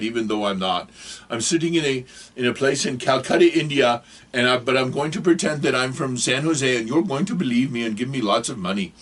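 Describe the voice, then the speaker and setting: A man's voice: medium pitch, husky, close to an everyday voice. Man putting on a fawning scammer with a fake accent. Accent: put-on foreign accent. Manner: overeager, fawning, falsely polite. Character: scheming fake tech-support scammer man.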